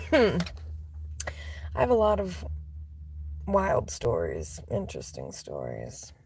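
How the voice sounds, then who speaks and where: A woman telling casual storytime anecdotes, chatty and full of "like" fillers, laughing and swearing, sometimes dropping to soft whispery asides. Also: extremely low pitch, huge pitch swings, takes it slowly, creaky, slightly rough.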